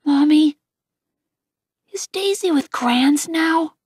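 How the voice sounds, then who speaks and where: A woman voicing a gentle, anxious young boy who speaks in a soft, pleading hush. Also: high-pitched, takes it slowly, no room sound, clean studio sound, pitched above the performer's own voice.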